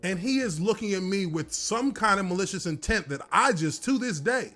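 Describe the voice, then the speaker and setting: Animated man telling a football story. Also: high voice, moderate pace. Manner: animated, dramatic retelling with casual profanity. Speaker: former pro football lineman. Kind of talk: storytelling anecdote. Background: faint music.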